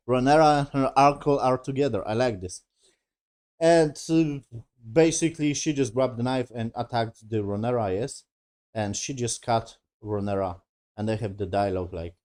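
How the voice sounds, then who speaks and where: A man's voice: mid-range voice, moderate pace, a little mellow. A man casually reviewing a TV episode in loose, broken English, rambling and swearing as he retells the scenes. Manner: broken non-native English grammar. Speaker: TV show reviewer.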